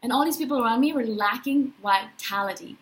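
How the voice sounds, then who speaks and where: A woman in her thirties talking in a personal spiritual vlog, animated and emphatic, often checking in with "right?". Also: fairly high pitch, brisk, poor audio. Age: 30s. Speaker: vlogger.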